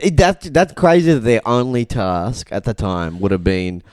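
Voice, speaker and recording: A man's voice: lowish voice, sing-song, moderate pace, darkish tone, no room sound, studio quality. A young man co-hosting a podcast, musing aloud in a rambling, laugh-filled casual chat. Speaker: podcast co-host. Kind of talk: casual banter.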